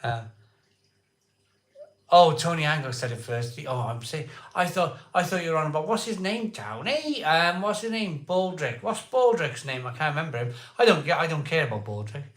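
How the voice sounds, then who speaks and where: An excitable man hosting a casual live stream, chatting with viewers, repeating himself and laughing often. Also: a little high, normal speed, roomy sound. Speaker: live-stream beer show host. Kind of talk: casual live chat reading viewer comments.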